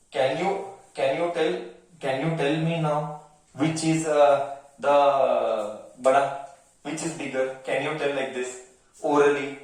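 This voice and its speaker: A male maths teacher with an Indian accent, giving a lesson, mixing Hindi words into English, repeating each phrase and quizzing his pupils. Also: on the high side. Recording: very echoey room, mic far off.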